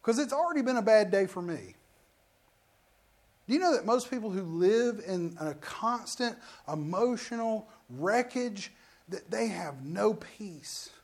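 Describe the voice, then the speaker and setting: High-voiced man preaching with acted-out stories. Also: darkish tone. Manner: storytelling with acted-out quotes, emphatic. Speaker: pastor. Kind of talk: sermon.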